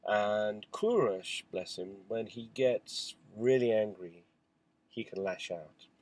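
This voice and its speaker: A father speaks frankly to camera in a candid spoken-diary monologue, rambling through a family story with asides. His voice is fairly low-pitched, slow, and darkish, on a low-quality recording.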